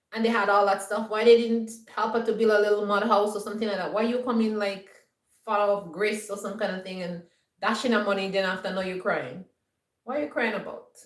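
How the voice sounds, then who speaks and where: A woman's voice: mid-range voice, echoey room, distant mic, low-quality recording. A woman vlogger giving an emphatic, scolding monologue and often checking that her viewers understand. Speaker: homestead vlogger. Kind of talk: lecturing monologue.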